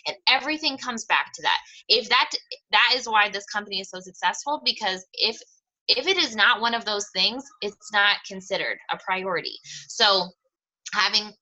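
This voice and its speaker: A woman's voice: medium pitch, expressive, moderate pace, pushed and bright, lo-fi sound. A young adult woman coach talking casually to her team, enthusiastic and rambling, with lots of fillers and repeated words.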